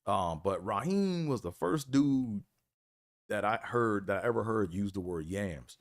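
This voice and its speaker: A man's voice: on the low side, animated, measured pace. A man hosting a live stream, telling college stories in a laid-back way, full of "man" and "you know". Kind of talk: casual storytelling.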